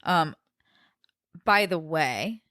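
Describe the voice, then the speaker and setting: A woman co-hosting a casual podcast, telling stories in an animated, joking way from a living room. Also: low voice, very slow, dry recording, clean studio sound. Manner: animated, jokey storytelling. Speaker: podcast co-host. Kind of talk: casual chat.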